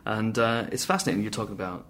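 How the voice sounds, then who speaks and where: A man's voice: fairly low pitch, fast, a bit bright. A man hosting a podcast, chatty and enthusiastic, casually swearing as he introduces a guest and interviews him in a hotel room. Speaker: podcast host.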